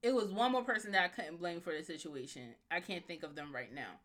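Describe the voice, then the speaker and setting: A woman co-hosting a podcast in casual chat, animated, blunt and opinionated. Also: fairly low pitch, brisk. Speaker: podcast co-host.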